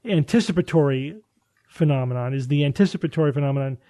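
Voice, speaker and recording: A man's voice: fairly high pitch, fast talker, mellow. A man hosting a casual podcast discussion, thinking aloud with restarts and rhetorical questions.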